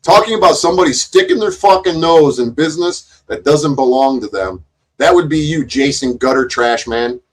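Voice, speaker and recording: A man's voice: fairly high pitch, lively intonation, normal speed. A man giving casual, sarcastic commentary on a video, mocking the people in it and swearing freely. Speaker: co-host reacting to a video.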